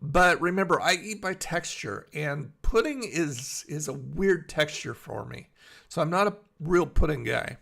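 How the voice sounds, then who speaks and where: A man's voice: a little high, expressive, a little slow, gravelly, a bit bright. A middle-aged man hosting a casual live stream from his bed, rambling and chatty as he answers viewers by name. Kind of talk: casual live-stream chat, reading chat aloud. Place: in bed at home.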